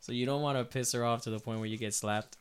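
A man's voice: medium pitch, fast, smooth. A man from Puerto Rico, a podcast guest, telling stories in casual chat and acting out the people in them. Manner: animated storyteller who acts out other people's voices.

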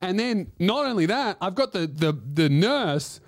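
A man spins a profane, rambling comic story, stumbling over restarts as he goes. His voice sits a little high for a man. The recording is dry and close, with no room sound. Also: big pitch swings, unhurried, dry recording. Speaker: comedian and podcast host. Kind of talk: comedic storytelling.

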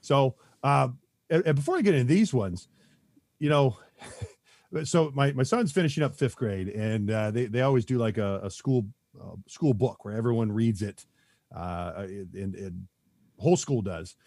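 A man's voice: medium pitch, measured pace, a little mellow, no room sound, clean studio sound. A man chatting as a podcast guest, rambling with lots of fillers and restarts and chuckling often. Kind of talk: casual podcast chat.

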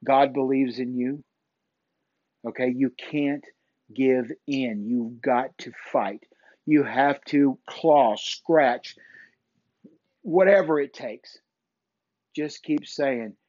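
A man hosting a podcast, giving an earnest faith-based pep talk, repeating himself and halting with many fillers. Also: mid-range voice, darkish tone, no echo, highs cut off. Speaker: podcast host.

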